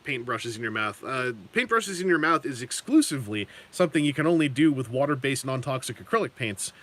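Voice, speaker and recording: A man's voice: medium pitch, lively intonation, brisk, a bit bright. A man casually chatting on a live stream while painting miniatures, rambling and correcting himself with chuckling asides.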